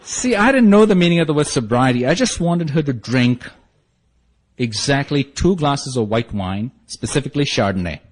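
A man with an expressive, medium-pitched voice speaks at normal speed as he shares his story with a support group. Wry and self-mocking, he acts out the lines of the people in it.

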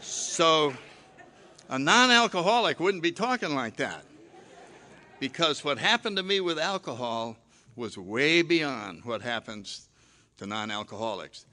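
Older guy, bright forceful voice, telling his drinking story, acts out what he said back then, pokes fun at himself. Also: a little high, a little slow, slight background noise. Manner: animated, self-mocking, acts out his own past lines. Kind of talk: personal storytelling talk.

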